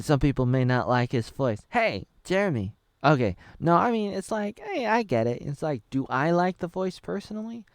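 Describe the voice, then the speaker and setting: A man's voice: medium pitch, darkish tone, dry recording, studio quality. A man in his thirties from Oregon, casually reacting to a trailer, rambling and thinking aloud with many fillers and restarts. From Oregon, USA. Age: 30s. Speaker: video creator reacting to a trailer.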